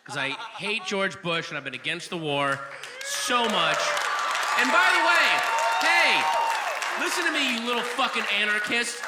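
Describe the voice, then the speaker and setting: A man doing a live stand-up set in a comedy club, ranting profanely and shouting at the audience. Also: high-pitched, lively intonation, normal speed, in a large hall. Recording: live club recording, crowd and room noise.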